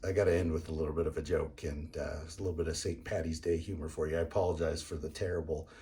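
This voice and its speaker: A man with a very low, husky voice walks through his everyday-carry items in a casual show-and-tell. He talks easily, with lots of pauses and filler sounds. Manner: relaxed, many filler sounds. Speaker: everyday-carry gear reviewer.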